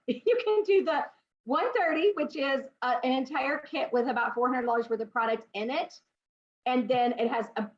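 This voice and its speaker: Bubbly high-pitched woman host, laughs a lot, dull lo-fi video-call sound. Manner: bubbly, gushing, laughs often. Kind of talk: online business presentation.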